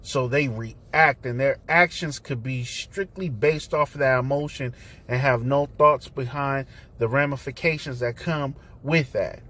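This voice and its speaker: A man's voice: medium pitch, a little slow, pushed and bright. A man hosting his own talk vlog from inside his car, speaking in a loose, conversational way with slang and fillers as he preaches his point. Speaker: host.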